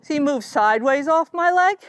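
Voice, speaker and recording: A middle-aged woman with a high voice teaches while riding in an outdoor arena. She coaches in a calm, steady way and speaks to her horse between explanations. There is clear noise around her, with hooves and open-air sounds. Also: fairly quick. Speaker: riding instructor. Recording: noisy outdoor recording.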